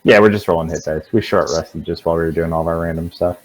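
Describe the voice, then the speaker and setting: A man running a tabletop game as dungeon master, narrating in a relaxed, rambling way. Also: low voice, fast, rough recording.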